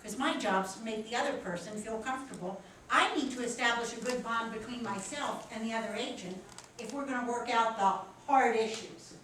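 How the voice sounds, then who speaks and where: A woman with a Philadelphia accent teaching a professional etiquette class, animated and encouraging as she talks with her students. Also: fairly high pitch, fairly quick, distant mic, slight background noise. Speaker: instructor. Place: large echoey classroom. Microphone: distant room mic. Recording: echoey room recorded from afar.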